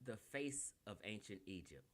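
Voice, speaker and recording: A man's voice: on the low side, lively intonation, moderate pace. A man with a Californian accent giving a brash, combative and profane lecture on a livestream while sharing his screen. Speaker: online lecturer.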